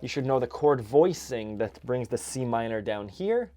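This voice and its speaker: A man teaching an accordion lesson, explaining chords and counting beats in a relaxed way. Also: mid-range voice, moderate pace. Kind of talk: music lesson. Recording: accordion music loud in background. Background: accordion playing.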